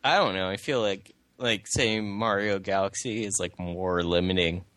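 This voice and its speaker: A man's voice: low-pitched, moderate pace, a bit bright, no echo. A young man co-hosting a casual podcast, rambling with lots of fillers and restarts. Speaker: podcast co-host. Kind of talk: casual chat about video games.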